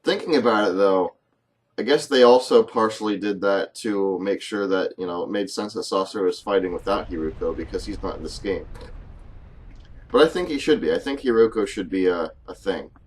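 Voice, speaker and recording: A man's voice: lowish voice, brisk, breathy edge. Rambling young man doing game commentary. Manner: rambling, joking, self-deprecating. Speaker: gaming channel host. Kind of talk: let's play commentary. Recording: faint game music behind.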